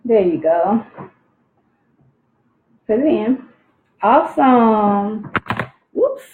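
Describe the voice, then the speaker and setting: A woman teaching teen girls on a live stream, speaking clearly and expressively. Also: medium pitch, unhurried, slight background noise. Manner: clear, articulate, expressive delivery. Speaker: youth self-esteem coach. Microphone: phone livestream. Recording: tinny phone-like livestream audio.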